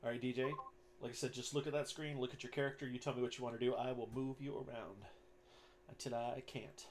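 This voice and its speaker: A man running a tabletop game online as game master, narrating in a casual, animated way and making sound effects. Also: mid-range voice, fast, slight background noise.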